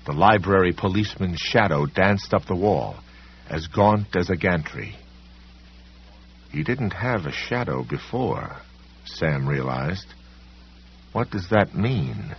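A man's voice: low-pitched, lively intonation, slow, long pauses, slightly rough. A man narrating a story aloud with dramatic, varied delivery. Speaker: audiobook narrator. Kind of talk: scripted narration. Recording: dull lo-fi recording.

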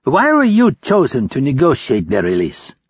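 A man's voice: mid-range voice, huge pitch swings, normal speed, slightly rough, no echo, dull audio, voice pushed up, full character voice. A man voicing a cruel, mocking male captor who taunts and interrogates a prisoner. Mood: menacing. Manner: menacing, taunting.

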